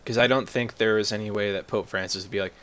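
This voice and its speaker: A young man co-hosting a casual podcast, joking and quick to apologize for himself. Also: fairly low pitch, steady tone, fairly bright tone, dull audio. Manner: joking, self-deprecating. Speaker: podcast co-host.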